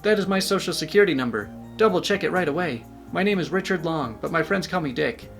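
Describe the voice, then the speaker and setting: A man's voice: on the high side, animated, quick pace, vocal fry, fairly bright tone, soft background music, pitched above the performer's own voice. A man playing a fake-panicked caller. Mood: indignant. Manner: anxious, pleading, mock-indignant. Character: panicked man faking anxiety to a scammer.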